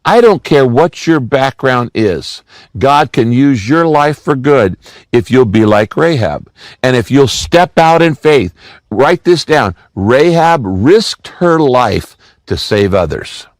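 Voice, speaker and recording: A man's voice: medium pitch, dry recording. Earnest male pastor preaching a sermon. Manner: earnest storytelling with emphatic repetition.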